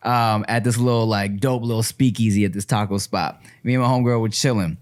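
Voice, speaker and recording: A man's voice: on the low side, fairly quick. A man co-hosting a podcast, telling a casual story full of swearing, laughs and acted-out quotes. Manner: animated, profane, laughs often, acts out quotes. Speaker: podcast co-host.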